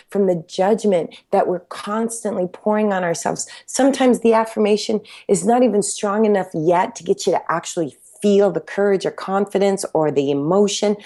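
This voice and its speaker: A woman's voice: medium pitch, dark tone. A woman who created a workout method, talking passionately and emphatically in an interview, sometimes acting out her own self-talk. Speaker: fitness instructor and workout creator. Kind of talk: interview conversation.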